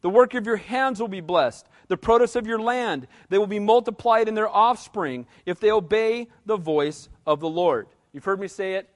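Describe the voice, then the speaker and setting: High-voiced preaching pastor, man. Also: expressive, moderate pace, few pauses. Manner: conversational preaching with asides and audience prompts. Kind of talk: sermon.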